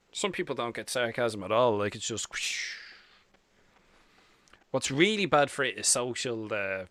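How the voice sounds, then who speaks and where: Bright-voiced Irish man hosting a chat. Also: medium pitch, dry recording. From Ireland. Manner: banters, swears, reads chat comments aloud. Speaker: host. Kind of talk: casual livestream chat.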